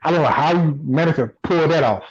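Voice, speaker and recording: A man co-hosting a casual sports podcast, relaxed and repeating himself as he thinks. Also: a little high, fast, slightly rough, highs cut off. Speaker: podcast co-host.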